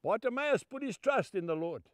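A man's voice: high-pitched, expressive, normal speed, no echo, studio quality. An older man from Zimbabwe, preaching a sermon through emphatic, heartfelt storytelling.

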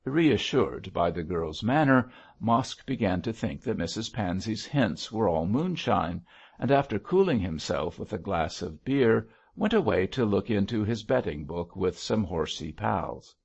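Guy reading an old novel aloud, lively intonation, muffled lo-fi audio. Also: fairly low pitch, unhurried, gravelly, husky. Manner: steady storytelling reading. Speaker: audiobook narrator. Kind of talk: scripted narration.

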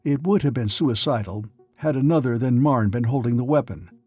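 A man's voice: mid-range voice, a little fast, a little mellow, husky. A man narrating a science fiction audiobook with dramatic storytelling. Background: faint music.

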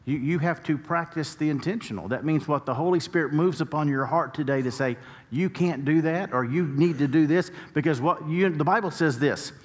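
A slightly high-voiced American pastor talks fairly quickly with hardly any pauses, building his story-driven sermon to emphatic peaks. The recording has the long reverb of a church hall, captured in the sanctuary.

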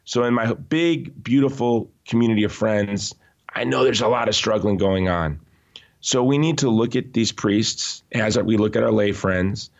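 A man being interviewed, telling stories in an animated, emphatic way with frequent restarts. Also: lowish voice, normal speed, muffled recording. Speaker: interview guest. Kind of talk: conversational podcast interview.

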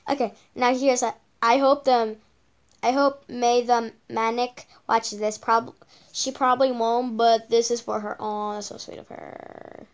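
A woman's voice: fairly high pitch, flat delivery, unhurried. A female channel host giving casual reaction commentary on videos, rambling with lots of repeated okays and ums.

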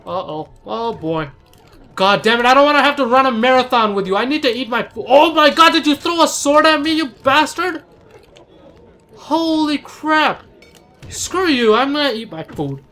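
A man commentates his own gameplay in a voice that sits high and sounds bright and edgy. He is jumpy, often yelping in alarm and swearing at what happens on screen. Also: expressive, fairly quick, faint music behind. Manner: jumpy, cries out in panic, curses at the game. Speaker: let's play commentator.

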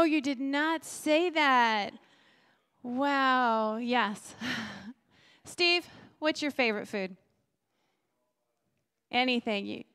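A woman's voice: sits high, fairly bright tone, clean tone. A woman pastor preaching a sermon in a chatty, bubbly way, laughing often and asking the congregation questions. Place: church sanctuary.

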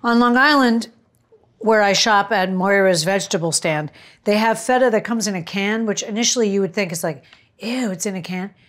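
A woman's voice: medium pitch, brisk, a bit bright. Woman, cooking show host, chatty, gushing, talks straight to viewers, mid-range voice. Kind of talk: casual cooking demonstration.

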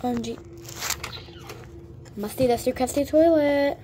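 A chatty girl talks through a game slowly, filling pauses with lots of fillers and bursting into exclamations. Her voice sits fairly high, and the home recording is noisy, with clicking behind it. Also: dark tone. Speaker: gamer. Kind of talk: gameplay commentary.

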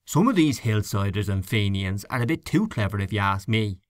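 A scornful, complaining male canvasser in a spoken storybook, as a man reads him. His pitch swings widely as he gossips and grumbles, and the recording is dry and close. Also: lively intonation, moderate pace, dry recording, natural voice.

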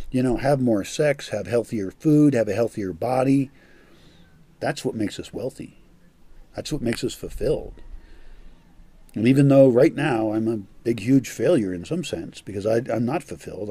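A man's voice: medium pitch, dark tone, no room sound. An older man giving a blunt, profane monologue as a vlogger, scornful and direct. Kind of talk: ranting monologue.

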